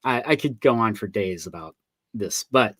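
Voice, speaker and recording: A man's voice: fairly low pitch, expressive, normal speed, fairly bright tone, breathy edge, no echo. Chatty man telling stories on a stream. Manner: chatty storyteller, acts out quoted voices. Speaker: author hosting a live online book signing. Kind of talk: casual video-call chat.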